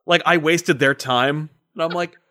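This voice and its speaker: A man hosting a casual chat, telling animated stories full of swearing and acted-out voices. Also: measured pace. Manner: animated storyteller, swears, acts out voices with big pitch jumps. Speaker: podcast host.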